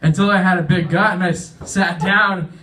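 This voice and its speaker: A man's voice: sits high, fairly even intonation, normal speed, pushed and bright, far from the mic, a little hiss or hum. A young man doing a self-deprecating stand-up comedy set on stage, chuckling at his own jokes and acting out voices. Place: veterans' hall stage.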